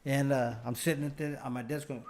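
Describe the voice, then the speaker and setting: A man's voice: mid-range voice, steady tone, a little fast, darkish tone, slight background noise. A middle-aged man, a former fighter, telling long stories in a casual interview, rambling with restarts and acting out what others said. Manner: rambling, acts out quoted dialogue with restarts. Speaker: guest, former fighter turned bail bondsman.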